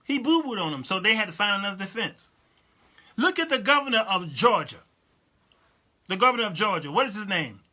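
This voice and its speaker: High, bright-voiced man hosting a talk show. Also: a little fast, long pauses. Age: 50s. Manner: animated, laughing, addressing viewers directly; reads and answers live chat comments. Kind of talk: casual commentary monologue.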